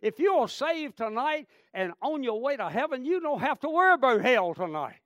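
A man preaching a revival sermon, swinging between shouted praise and hushed storytelling. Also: very high-pitched, very animated, moderate pace, no echo. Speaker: traveling preacher.

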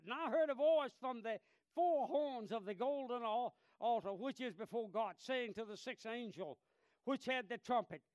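A man preaching a sermon with passion, dropping to a hush and then rising loud, and reading scripture aloud in old wording. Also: extremely high pitch, clean tone, no echo, clean studio sound. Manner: impassioned, swinging from hushed to loud; reads scripture aloud in King James wording.

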